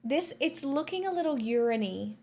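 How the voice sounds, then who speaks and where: A woman's voice: sits high, lively intonation, normal speed, mellow. A woman hosting a live stream, chatting casually with a sarcastic, joking manner. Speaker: livestream host.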